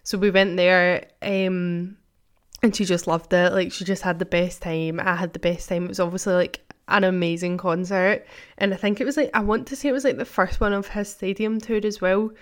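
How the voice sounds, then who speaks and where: A woman's voice: fairly low pitch, steady tone, moderate pace. Young woman, casual vlogger, rambling chatty storyteller who leans on "like". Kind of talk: casual catch-up vlog.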